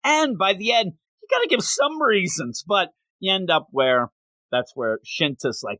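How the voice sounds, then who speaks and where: This man's voice sits high and unhurried, in a dry recording. As a podcast host, he chats casually through a recap of a manga chapter, telling it animatedly and giving the characters silly voices.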